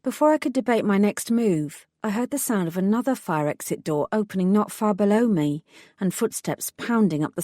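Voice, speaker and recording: A woman reading a first-person audiobook in a measured, wry storytelling manner. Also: mid-range voice, dark tone, dry recording, studio quality. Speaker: audiobook narrator. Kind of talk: scripted first-person narration.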